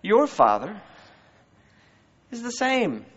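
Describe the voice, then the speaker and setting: A man's voice: sits high, lively intonation, measured pace, pauses often, a bit bright. A man preaching a sermon to a congregation in a church, in a conversational style full of rhetorical questions. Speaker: pastor. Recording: muffled, long hall reverb.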